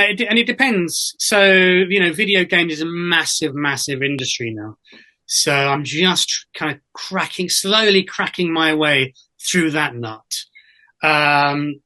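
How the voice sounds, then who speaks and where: Guy telling theatre stories on a podcast, kinda high bright voice, lots of ums and restarts. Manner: chatty storyteller with many fillers and restarts. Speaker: guest, actor and voiceover artist. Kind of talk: casual interview anecdotes.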